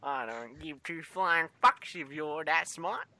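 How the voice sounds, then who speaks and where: Young Australian man, crude and rambling, a little high-pitched, running a joke interview over voice chat. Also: animated, takes it slowly, sharp tone, no echo. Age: young adult. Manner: crude, swearing, rambling and teasing. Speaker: gaming video host.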